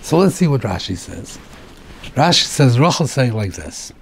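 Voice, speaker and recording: A rabbi giving a Torah class on the weekly portion, explaining the text step by step, asking rhetorical questions and mixing in Hebrew terms. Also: male voice, medium pitch, sing-song, moderate pace, gravelly, slight background noise.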